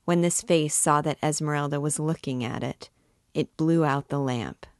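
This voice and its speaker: A woman reading a classic novel aloud as a guide, in a measured and deliberate way. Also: sits low, no echo, studio quality. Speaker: book reader and guide.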